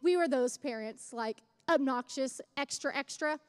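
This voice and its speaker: Young woman, very high pitch, church speaker; chatty personal story building to fervent sermon. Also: unhurried, darkish tone, smooth, in a large hall. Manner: chatty, self-mocking, builds to fervent exhortation. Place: church service.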